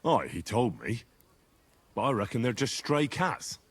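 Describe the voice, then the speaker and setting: An actor playing a wry, skeptical young man with a husky voice in a game. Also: mid-range voice, big pitch swings, a little slow. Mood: dry.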